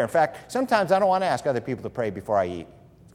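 A man preaching a sermon as a pastor, telling stories with humor and lively emphasis. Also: medium pitch, quick pace, big-room sound. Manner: animated, humorous storytelling preacher.

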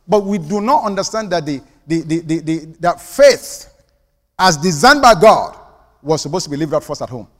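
A pastor preaches a sermon emphatically, calling for amens from the congregation in a call-and-response style. His voice is on the high side and a bit bright, with lively intonation at a moderate pace, and it carries the sound of a big room.

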